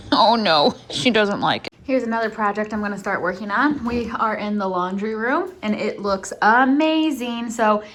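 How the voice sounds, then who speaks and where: A woman talking casually through her home renovation, chatty and quick to laugh, thinking aloud as she works indoors. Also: medium pitch, a bit bright. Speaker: homestead vlogger. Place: inside a house being renovated.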